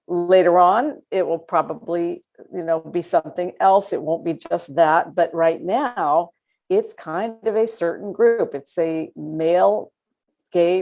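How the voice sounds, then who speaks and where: A woman co-hosts a casual political talk show with a lowish voice for a woman. She talks in an animated, sarcastic way and laughs while she makes her points.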